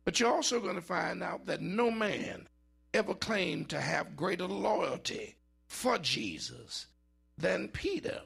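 A man preaching a sermon in a dramatic style, with big swings in pitch and drawn-out words for emphasis. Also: lively intonation, gravelly, fairly bright tone, husky.

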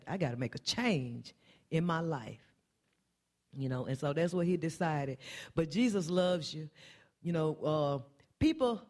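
A woman preaching a heartfelt sermon in a church. She builds through repeated refrains, and her voice leaps upward on the lines she wants to land. Her delivery is earnest and plainspoken. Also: darkish tone. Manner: impassioned, repetitive refrains, pitch climbing on key phrases. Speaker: church speaker.

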